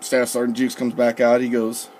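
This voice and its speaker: A man's voice: mid-range voice, monotone, normal speed, a little mellow, a little hiss or hum. Laid-back young man telling a rowdy story. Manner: profane, laid-back, quotes others with "I'm like" and "he goes". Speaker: storyteller recalling his recruit days. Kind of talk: casual storytelling.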